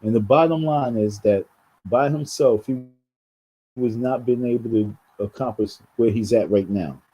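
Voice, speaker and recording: A man's voice: medium pitch, measured pace, dark tone, slightly rough, poor audio. A man from New York talking straight to his viewers in a rambling commentary, often repeating words and calling them folks. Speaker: vlogger. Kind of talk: casual commentary monologue.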